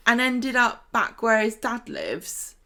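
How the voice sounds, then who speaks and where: A woman, co-hosting a podcast and retelling episodes in a chatty, animated way with quick asides. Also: on the high side. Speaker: podcast co-host. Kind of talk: casual recap chat.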